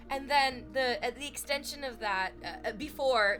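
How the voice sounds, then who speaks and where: A woman's voice: fairly high pitch, normal speed, few pauses, fairly bright tone, soft background music. A young woman streamer chatting casually, rambling and profane, quoting comedy bits between laughs. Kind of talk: casual live-stream chat.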